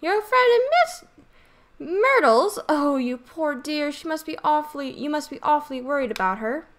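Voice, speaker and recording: A woman's voice: high-pitched, lively intonation, moderate pace, a bit bright. A woman voicing a gossipy, kindly old neighbor woman as she reads a game's dialogue aloud, in a fussy, confiding way. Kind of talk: reading game dialogue aloud.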